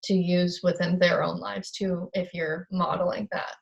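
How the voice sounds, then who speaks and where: A woman's voice: on the low side, flat delivery, a little slow, vocal fry. Earnest young woman in casual chat. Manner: earnest, chatty, self-correcting. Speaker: co-host of a book discussion. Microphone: video call.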